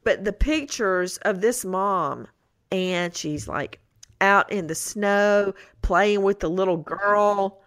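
A woman's voice: mid-range voice, slow, a bit bright, clear, resonant tone, no room sound, clean studio sound. A middle-aged woman co-hosting a podcast, telling stories with incredulous outbursts. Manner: storytelling, quoting her kids with incredulous outbursts. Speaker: co-host. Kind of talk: animated true-crime podcast chat.

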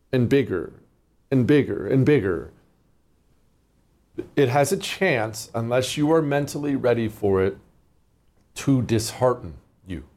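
A man's voice: mid-range voice, a little mellow. A man hosting a political talk radio show, delivering an emphatic, sarcastic monologue. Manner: emphatic, sarcastic, mocks opponents with put-on voices.

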